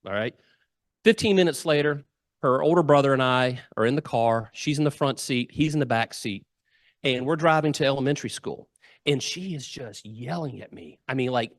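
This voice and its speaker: Speaking as a guest in a club meeting room, a middle-aged man tells humorous anecdotes with lots of energy and performs the quoted lines himself. His voice is a little high, captured clean like a studio recording, with no echo.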